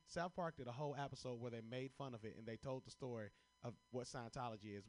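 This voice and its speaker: A young man from Chicago doing stand-up comedy, telling profane stories and laughing at his own jokes as he answers prompts pulled from a hat. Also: mid-range voice.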